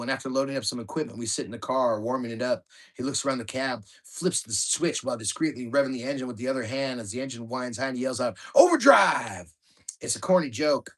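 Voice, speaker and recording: Man reading his own memoir, mid-pitched, steady storytelling delivery. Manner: plain storytelling, shouting out quoted lines. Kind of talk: audiobook memoir narration.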